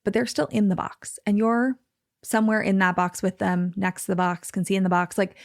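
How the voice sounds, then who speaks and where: A woman podcast host with a mid-range voice, vocal fry and fairly even intonation talks fairly quickly in a casual conversation. She's chatty, thinks aloud and uses lots of "like" fillers; the recording is studio quality with no echo.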